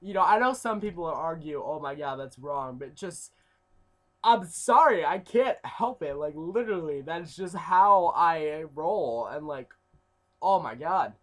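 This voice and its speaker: A young man telling a rambling story in a casual vlog, full of fillers, swinging between loud outbursts and mumbled asides. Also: fairly high pitch, animated, unhurried. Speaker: YouTuber.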